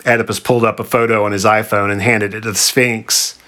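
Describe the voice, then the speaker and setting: A man reads a comic story aloud in a dry, deadpan narrator's voice. His pitch sits low. The sound is bright and forward. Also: a little fast, hardly any pauses.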